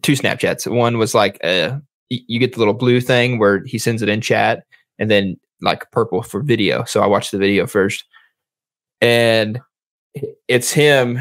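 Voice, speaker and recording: A young man in casual chat, telling a story in a relaxed, rambling way. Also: lowish voice, dry recording, studio quality.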